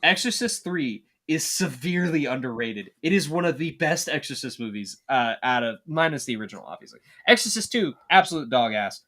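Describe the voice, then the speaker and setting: A man's voice: mid-range voice, lively intonation, a little fast, few pauses, bright, forceful tone. A man co-hosting a podcast in casual chat, opinionated and swearing freely. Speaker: podcast co-host.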